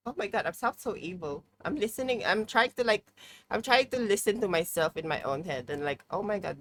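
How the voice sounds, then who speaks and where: A woman's voice: medium pitch, lively intonation, a little fast, a bit bright, slight background noise. A young woman chatting casually on a live stream, playful and mock-dramatic, swearing freely, from a room at home with a heater running. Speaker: livestreamer.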